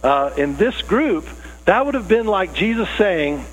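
A man's voice: high voice, sing-song, unhurried, low-quality recording. A man preaching a conversational sermon, earnest and casual with rising emphasis. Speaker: pastor.

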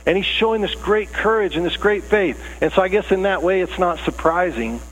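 A man's voice: sits high, fairly quick, a little hiss or hum, rough recording. A man preaching a conversational sermon, earnest and casual with rising emphasis. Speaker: pastor.

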